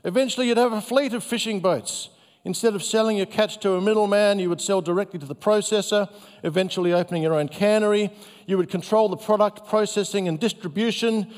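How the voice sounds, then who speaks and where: A man voicing a brash, pushy male investment banker, pitched up above his own voice. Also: a little fast, darkish tone, natural voice. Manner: pushy, upbeat salesman pitch. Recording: long hall reverb.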